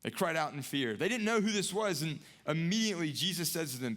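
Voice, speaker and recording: A young adult man preaching a sermon earnestly, repeating phrases, rising to emphatic peaks and dropping to hushed lows. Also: expressive, fairly quick, hardly any pauses. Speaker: pastor.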